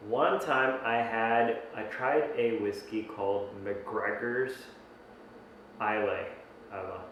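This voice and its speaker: A man's voice: lowish voice, fairly even intonation, takes it slowly, fairly bright tone, slight background noise. A man giving a casual whisky tasting review, thinking aloud with many restarts and fillers. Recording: very echoey room, mic at a distance.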